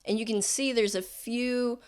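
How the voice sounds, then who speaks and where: A woman's voice: on the high side, fairly even intonation, unhurried, smooth. A woman narrating a tabletop game as game master, in a rambling, filler-heavy way.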